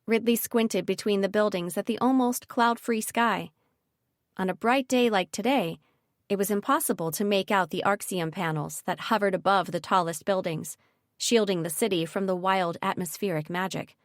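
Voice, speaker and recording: A woman reads a fantasy audiobook in a measured, steady storytelling voice. Her pitch sits in the middle of the range. The studio sound is dry and close. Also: no echo. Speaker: audiobook narrator. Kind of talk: scripted narration.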